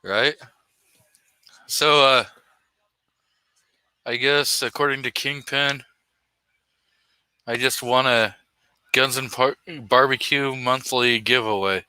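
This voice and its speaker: A man's voice: mid-range voice, fairly even intonation, takes it slowly, pauses often, sharp tone, clean tone, no echo. A man co-hosting a casual chat show, reading out viewer comments in a laid-back, teasing way.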